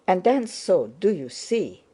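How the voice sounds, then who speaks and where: A commanding young officer who gives orders briskly and schemes boldly, read by a woman. The voice sits low and mellow, and it moves at an unhurried pace. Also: big pitch swings, husky, exaggerated voice. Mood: instructive.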